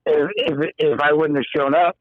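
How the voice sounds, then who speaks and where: A man as a podcast guest, speaking calmly and bluntly in casual conversation. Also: fairly high pitch, normal speed, dry recording, phone-quality sound. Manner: calm, matter-of-fact, blunt.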